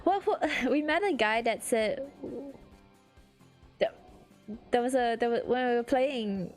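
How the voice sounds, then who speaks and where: A woman streamer in casual chat, laughing often and breaking into high-pitched giggles. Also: takes it slowly, soft background music.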